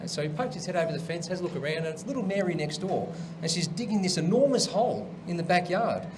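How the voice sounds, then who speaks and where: High-voiced host telling jokes. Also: male voice, big pitch swings, quick pace, noisy background. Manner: chatty, laughs at own jokes. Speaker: comedy show host. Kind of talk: stand-up joke telling.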